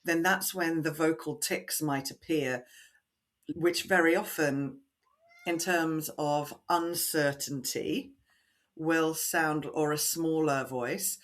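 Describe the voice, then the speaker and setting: In a podcast interview, a woman voice coach explains techniques in a deliberately resonant, measured manner and leads listeners through breathing exercises. Her voice is low with fairly even intonation.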